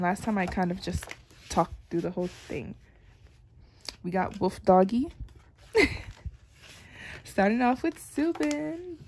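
A woman's voice: medium pitch, vocal fry, darkish tone, slight background noise. A young woman chatting playfully as she unboxes an album, laughing and complaining dramatically. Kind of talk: casual unboxing chat.

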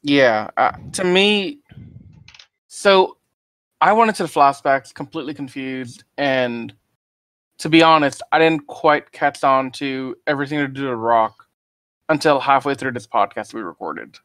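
A man co-hosting a casual podcast, relaxed and candid, rambling through his opinions with small stumbles. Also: mid-range voice, unhurried, clean tone, no room sound. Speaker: podcast co-host.

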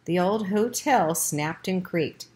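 A woman with a fairly low voice reads a children's chapter book aloud. Her narration is plain and steady, with the odd slip and restart of an amateur reader. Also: slow, slight background noise. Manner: plain reading with small slips. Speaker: audiobook reader.

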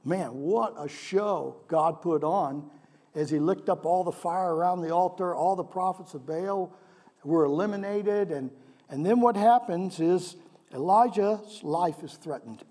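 Guy pastor giving a sermon in church, chatty, keeps asking the crowd stuff, mellow tone, big reverb. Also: sits high, a little slow. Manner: conversational, asks the congregation questions. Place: church sanctuary. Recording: long reverb of a large hall.

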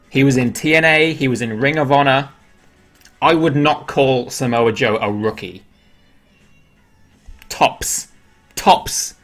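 A man hosting a live stream, chatting casually and joking about each card as he opens it. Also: mid-range voice.

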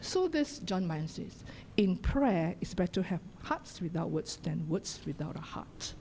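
A middle-aged woman pastor with a Singaporean English accent preaching a sermon in a church, swinging from loud exhortation to hushed whispers. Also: on the low side, big pitch swings, normal speed, slight background noise. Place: church sanctuary.

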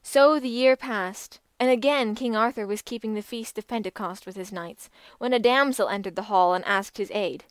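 An audiobook narrator reads an old legend in a measured, expressive manner, her voice smooth, clear and middling in pitch. This scripted storytelling is recorded close and dry, with no room sound at all.

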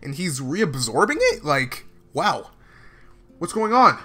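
A man commenting live on a show as he watches it, talking casually with lots of slang and breaking into loud exclamations. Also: a little high, takes it slowly. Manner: excitable, bursting into exclamations and laughs; slangy, casual filler talk. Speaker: reaction video host.

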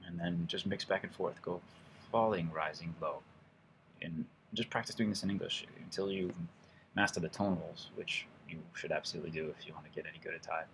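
Young male teacher, deep voice, rambling casual delivery, quiet hotel room. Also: fast talker, vocal fry, a little hiss or hum. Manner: relaxed, rambling, with fillers and restarts. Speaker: language teacher, channel host. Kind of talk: casual spoken lesson.

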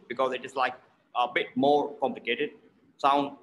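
Slow, deliberate male pronunciation teacher. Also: medium pitch, fairly even intonation, fairly bright tone, slight background noise, low-quality recording. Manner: slow, deliberate, repeats words to model sounds. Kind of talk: slow instructional explanation with modelled words.

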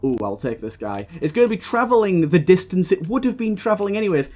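A man's voice: high-pitched, very animated, quick pace, darkish tone, soft background music. A young man giving live gameplay commentary, ranting heatedly and swearing often as he plays. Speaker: gaming video creator.

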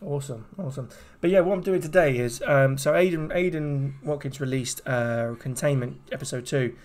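A man's voice: mid-range voice, normal speed, a little mellow. A man streaming a horror game, chatting casually and rambling to his viewers. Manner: chatty, rambling, addresses chat. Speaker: gaming streamer. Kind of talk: casual live-stream commentary. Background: game music.

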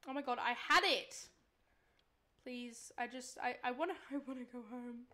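A woman's voice: fairly high pitch, steady tone, moderate pace, sharp tone. An Australian woman streaming a game, chatting casually with her audience in an exasperated, pleading way. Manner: exasperated, pleading, talks to chat.

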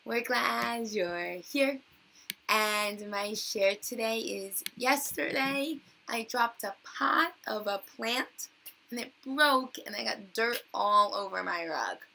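A woman teaching young children in a video lesson, cheerful and sing-song, spelling words out slowly. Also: medium pitch, vocal fry, bright, forceful tone, slight background noise, poor audio. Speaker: kindergarten teacher.

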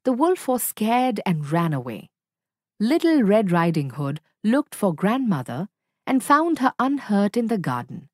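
A woman narrating a children's story at a slow, deliberate pace. Her pitch moves a lot and her delivery is clear and expressive. The recording is dry and close. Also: no room sound.

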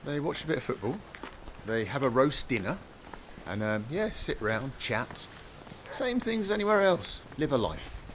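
A man's voice: medium pitch, very animated, normal speed. A man bantering casually with friends and locals outdoors. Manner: cheeky, easygoing banter. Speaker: travel vlogger. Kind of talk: casual street chat. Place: outdoors in a seaside town. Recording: outdoor camera audio with street noise.

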